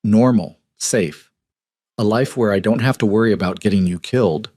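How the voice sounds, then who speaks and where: A man voicing a dangerous, guarded young mafia boss with a low, restrained, confessional delivery. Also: normal speed, a little mellow, dry recording, studio quality, close to an everyday voice. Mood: tender.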